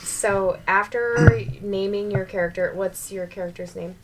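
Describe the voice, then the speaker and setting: A woman's voice: mid-range voice, fairly even intonation, measured pace, heavy background noise. A woman running a tabletop role-playing game as game master, patiently explaining the rules to her players.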